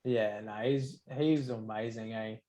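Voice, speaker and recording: A man's voice: on the low side, fairly even intonation, measured pace, dark tone. A man co-hosting a casual podcast chat, rambling and sweary with lots of filler words. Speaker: podcast co-host. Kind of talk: casual chat over beers.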